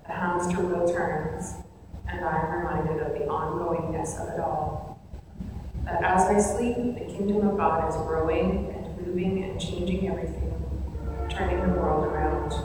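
Woman preacher, middle-aged, low voice, reflective storytelling, distant mic, echoey hall, background noise. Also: fairly even intonation, a little slow. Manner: reflective storytelling, soft repetitions. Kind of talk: sermon with personal story.

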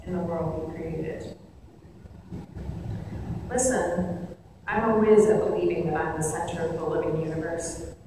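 A middle-aged woman giving a sermon, telling a personal story in a reflective way with soft, repeated phrases. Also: on the low side. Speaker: preacher. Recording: echoey hall, distant mic, background noise.

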